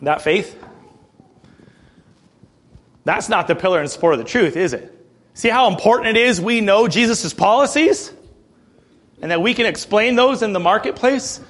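A man's voice: sits high, animated, moderate pace, fairly bright tone. A man preaching a sermon in a conversational way, breaking down scripture with asides and acted quotes. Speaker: pastor.

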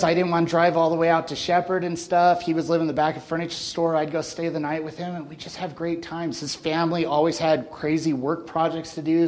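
A man in his thirties talks to his church group in an earnest, casual way. His voice sits a little higher than most men's. He speaks plainly and warmly to the young men in front of him, and his feeling shows through. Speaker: church member giving a farewell talk. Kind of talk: informal church talk.

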